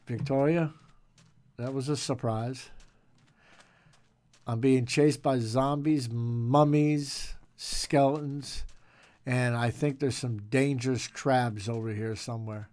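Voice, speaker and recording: A man's voice: medium pitch, darkish tone. A man casually commenting on a game he is playing, joking around and tossing in pirate growls. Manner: jokey, playful, growls pirate noises. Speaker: gaming channel host.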